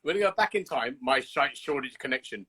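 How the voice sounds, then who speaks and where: A man's voice: mid-range voice, expressive, fast, noisy background. A man hosting a casual livestream chat over a video call, teasing his guest, swearing freely and telling stories with animation. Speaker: host.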